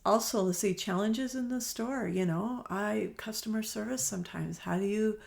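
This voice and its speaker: A woman's voice: mid-range voice, normal speed, creaky, darkish tone. A middle-aged woman, a quilt shop owner, chatting as a guest on an interview podcast, telling stories and acting out the dialogue. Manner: chatty storyteller, acts out quoted dialogue, laughs easily. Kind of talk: casual conversational interview.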